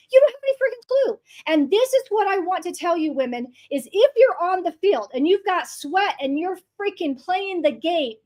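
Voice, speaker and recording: A woman hosts her podcast with a bright, high voice. She talks bluntly and swears freely. Her monologue is fired-up and full of emphasis. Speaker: podcast host.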